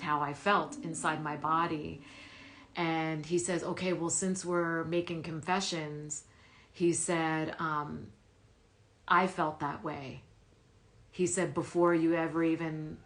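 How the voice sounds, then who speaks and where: A woman's voice: lowish voice, a bit bright. A woman telling a personal story in a frank, profane way, often laughing, playing the other people's lines in her own voice. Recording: music playing underneath.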